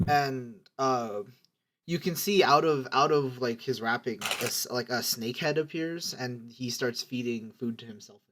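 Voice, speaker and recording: A man's voice: medium pitch, unhurried, a bit bright. Man running a tabletop game. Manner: hesitant narration with many restarts. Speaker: game master.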